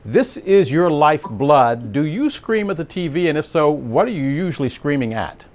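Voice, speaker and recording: An American man hosting a TV interview, asking measured, pointed questions. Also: on the high side, big pitch swings, darkish tone. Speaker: TV news host.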